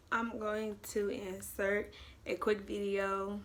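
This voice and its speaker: A woman vlogger animatedly and dramatically retells a story to her viewers in a casual storytime video, addressing them as "y'all." Her voice is medium-pitched and measured in pace, with a little hiss or hum.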